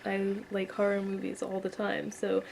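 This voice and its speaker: A woman's voice: medium pitch, monotone, moderate pace, gravelly, darkish tone, slight background noise, low-quality recording. A young woman hosting a casual chat video at home, reading out questions in a chatty, teasing way. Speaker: vlogger host.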